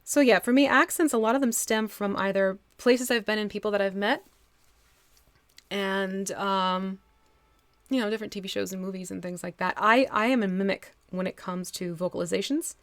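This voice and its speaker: A woman's voice: medium pitch, moderate pace. A woman with a mid-range voice chats easily to her stream audience as she paints a miniature. She laughs often and keeps up a running, friendly commentary. The sound is dry and close, with no room echo. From United States (Texas, then New Jersey). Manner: chatty, laughs often, talks to chat while working. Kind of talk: casual live-stream chat while painting.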